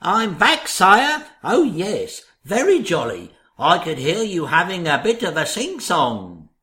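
An oily, fawning male servant, acted by a man in a comic radio play, speaking slowly and unctuously. His voice rises and dips widely from line to line, and there is a roomy echo around it. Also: high voice, huge pitch swings, sharp tone, exaggerated voice. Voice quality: oily and obsequious.

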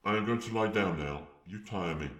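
A man's voice: deep voice, normal speed, a bit bright, echoey room. A man voicing a dry, aloof and weary magic mirror spirit.

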